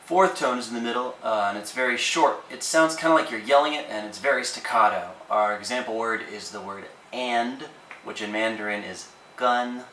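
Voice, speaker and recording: A man teaching language tones in a casual, relaxed lesson, with plenty of ums and uhs. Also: medium pitch, moderate pace, roomy sound, recorded from a distance, slight background noise, rough recording.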